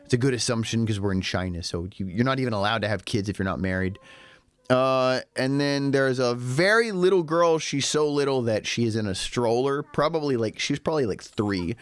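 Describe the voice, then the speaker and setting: A man's voice: mid-range voice, brisk, clear, resonant tone, no echo. A man vlogging, telling a story in a rambling, sarcastic, casual way while a little tipsy. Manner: lively, rambling, with sarcastic asides. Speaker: vlogger living in Shanghai.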